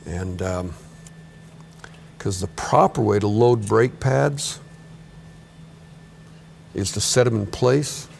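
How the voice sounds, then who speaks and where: A middle-aged man with a somewhat low voice walks students through a brake job in a repair shop. He talks in a relaxed, chatty way and corrects himself as he goes. A faint hum runs underneath. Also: slow, vocal fry, pauses often. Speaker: automotive instructor. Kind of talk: hands-on workshop demonstration.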